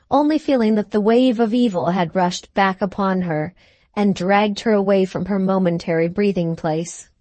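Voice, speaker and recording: A woman reading a classic novel aloud as an audiobook narrator, in a measured storytelling manner. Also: mid-range voice, darkish tone, dry recording. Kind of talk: scripted narration.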